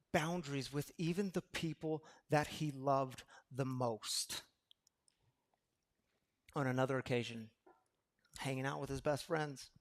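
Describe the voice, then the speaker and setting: A male pastor with a fairly high voice preaches a conversational sermon, putting questions to the congregation. He shifts between loud emphasis and hushed storytelling.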